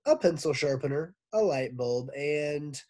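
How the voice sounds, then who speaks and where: A man's voice: a little high, lively intonation, measured pace, a little mellow, pitched above the performer's own voice. A man voicing a kindly old female schoolteacher, sweet-voiced with a stern edge, in a storybook reading. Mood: sweet, chipper.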